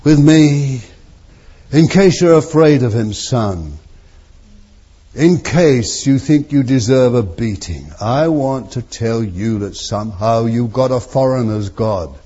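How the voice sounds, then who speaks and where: A male preacher delivering a fervent sermon at a slow, deliberate pace. His voice swings between soft, hushed phrases and loud, drawn-out exclamations. The recording is dull and lo-fi. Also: mid-range voice, animated, breathy edge.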